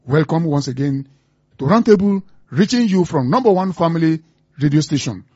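Husky Nigerian man on radio commentary. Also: on the high side, expressive, moderate pace, a little mellow, no room sound, lo-fi sound. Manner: repeats rhetorical questions with urgency. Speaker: radio host.

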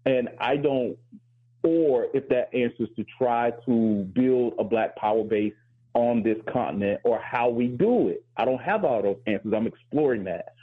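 A man's voice: medium pitch, normal speed, husky. A man hosting a radio talk show, reflective and candid, often stammering as he starts a thought. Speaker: host. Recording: phone-like lo-fi line.

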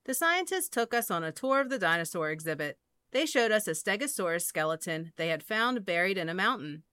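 A woman reading children's picture books aloud with a lively, sing-song pitch that rises and falls. Her voice is bright and crisp, recorded close and dry with no room echo. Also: brisk. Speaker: storyteller.

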